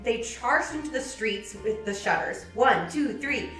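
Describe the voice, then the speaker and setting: A woman reading a classic novel aloud with lively delivery and playful side comments. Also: fairly high pitch, a little slow. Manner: lively, laughs often, acts out quoted lines. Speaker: library podcast reader. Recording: roomy sound from a distant mic with music.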